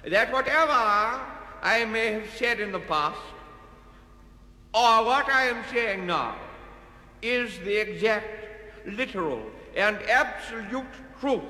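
An actor playing a pompous middle-aged politician who gives an orotund, evasive speech in a comic recording. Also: male voice, high voice, sharp tone, exaggerated voice. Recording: echoey hall reverb.

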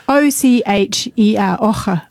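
A woman talks casually on community radio, pausing often and wandering through her thoughts with plenty of fillers. Her voice sits at an everyday pitch, and the sound is close and dry. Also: a little mellow, no echo. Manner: rambling, hesitant, many fillers. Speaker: radio show co-presenter.

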